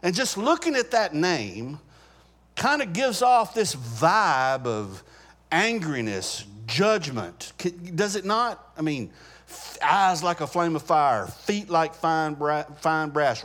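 A man's voice: a little high, very animated, a little slow, fairly bright tone. A man teaching a Bible study class in a conversational way, stopping to ask the group questions and often restarting his sentences.

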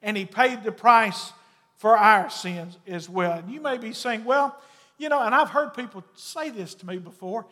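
A man preaching a sermon as a pastor. He shifts between mocking, raised voices and quiet, low asides. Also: unhurried, big-room sound.

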